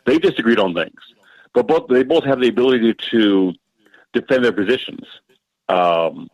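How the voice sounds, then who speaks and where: A man speaking as a guest historian in a roundtable, measured and thoughtful. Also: mid-range voice, lively intonation, a little mellow, no echo, poor audio. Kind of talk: casual roundtable discussion.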